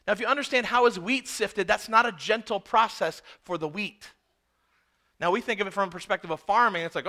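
A man delivers a sermon in a high, bright voice. He tells the story with animated emphasis and poses rhetorical questions to his listeners. His delivery is energetic. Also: normal speed. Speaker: preacher.

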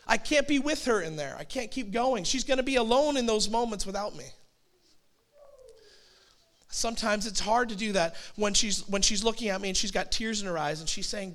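A man's voice: very high voice, brisk, a bit bright. A man in his forties preaching a sermon as a pastor, telling stories in a conversational way with asides. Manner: storytelling, conversational with acted quotes and asides.

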